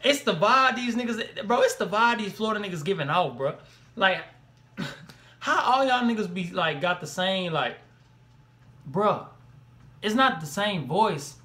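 A man's voice: high-pitched, a little slow, pauses often. A young man hosting a reaction video, talking in loose slang, exclaiming and laughing as he comments. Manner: animated, slangy, exclaims and laughs between remarks.

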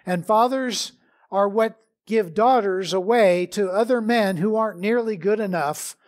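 A middle-aged man, a pastor, preaching a measured sermon with prayer and scripture reading. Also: sits high.

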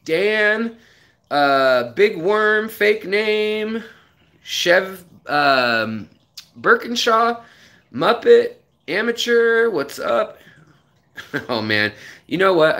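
A man's voice: medium pitch, a bit bright. A man casually hosting an aquarium live stream, rambling, telling stories and greeting viewers by name.

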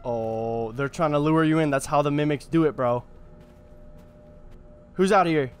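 A young man casually commenting on a horror game, excitable and slangy, talking straight to his viewers. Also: on the high side, a little slow, faint music behind. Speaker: gaming YouTuber.

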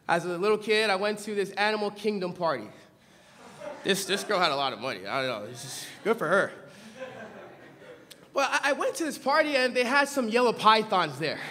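A very high-pitched man from Los Angeles preaches from a church pulpit, his voice ringing out with a long hall reverb. He shouts key points with force, then drops into casual, funny stories. The tone is bright and cutting. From Los Angeles, California. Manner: animated preaching, shouting for emphasis, humorous storytelling asides. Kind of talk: sermon.

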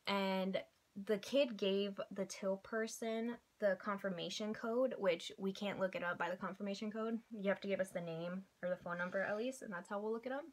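A young woman hosting a casual vlog, telling a long, animated story and acting out the people in it. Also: mid-range voice, normal speed. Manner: animated, chatty, quotes people in little voices. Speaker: vlog host.

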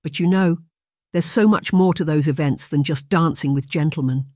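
A gentle young governess in an audiobook, as the narrator puts her on, measured and soft-spoken. She picks every word carefully, and the recording is close and dry. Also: low voice, no echo, natural voice. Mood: instructive. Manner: measured, soft-spoken, choosing words with care. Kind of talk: audiobook reading.

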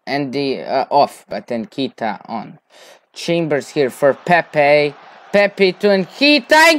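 Excitable man commentating his game. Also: mid-range voice, dry recording. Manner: excitable, shouts player names at chances. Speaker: gaming video creator. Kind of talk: commentating his own football management game.

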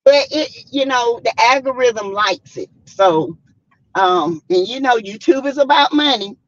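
Southern woman, sassy live-stream host, lively swooping voice, unhurried, slightly muffled lo-fi audio. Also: on the high side. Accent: Southern American. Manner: sassy, laughs often, greets viewers by name. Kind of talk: casual live chat reading comments.

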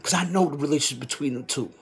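Husky-voiced New man, storyteller vlogger, slangy, jumps from loud to low mutter. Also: racing. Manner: animated street slang, swings from loud exclaiming to hushed muttering. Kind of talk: casual storytelling vlog.

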